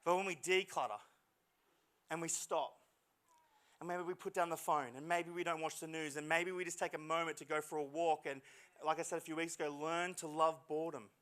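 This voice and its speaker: A male pastor preaching a lively, dramatic sermon to a church congregation, with jokey asides and voices he acts out. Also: fairly high pitch, a little fast. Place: church service hall.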